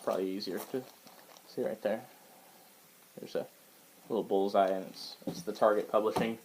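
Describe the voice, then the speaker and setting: A man's voice: lowish voice, fairly even intonation, normal speed, a little mellow, a little hiss or hum, rough recording. A man casually showing his book collection to the camera in a rambling, hesitant way, with lots of fillers and restarts. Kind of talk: casual show-and-tell vlog. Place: indoors at home.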